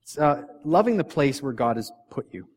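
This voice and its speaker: A pastor with three young kids gives a casual sermon at normal speed, chatting with his congregation in a relaxed, mid-pitched voice. He often laughs at himself and stumbles into restarts, and his volume goes from near-murmured asides up to punchy, emphatic points.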